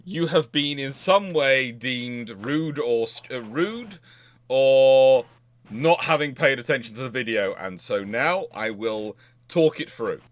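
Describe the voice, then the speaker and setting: A male naval historian hosting a casual livestream chat, animated and sarcastic, acting out both sides of the arguments he describes. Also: medium pitch, takes it slowly. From half Scottish, half Cornish.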